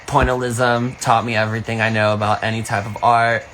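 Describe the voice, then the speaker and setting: A young man with a middle-pitched voice chatting on a phone livestream, campy and profane, slipping into sudden high squeals when he quotes people. There is a faint hiss of background noise under his voice. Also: flat delivery, a little fast, a bit bright. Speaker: streamer on a live video. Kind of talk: casual storytelling chat.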